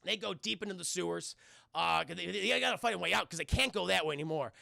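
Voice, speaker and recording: Man, high gravelly voice, bright and sharp tone, swears a lot, live-stream film recap, dry close sound. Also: fast talker, no room sound. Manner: excitable, profane, keeps addressing chat.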